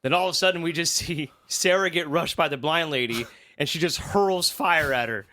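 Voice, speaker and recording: A man co-hosting a podcast, recapping a horror film in casual chat, animated and laughing often as he acts out lines. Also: a little high, moderate pace. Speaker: podcast co-host.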